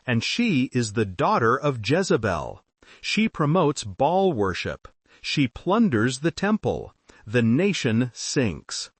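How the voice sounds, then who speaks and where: A man narrating a scripted Bible story in short, solemn, deliberate sentences. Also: medium pitch, breathy edge, no echo.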